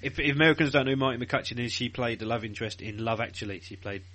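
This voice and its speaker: A man's voice: medium pitch, rapid-fire, a bit bright. A man co-hosting a casual podcast chat, chatty and laughing, mimicking others as he tells stories.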